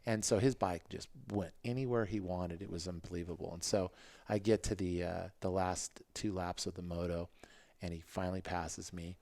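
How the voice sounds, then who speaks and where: A man in his fifties, a podcast guest, telling racing stories in a casual, animated way and acting out what people said. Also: normal speed, dry recording. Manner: animated, acts out quotes in a higher voice. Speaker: podcast guest, former motocross racer. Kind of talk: casual interview storytelling.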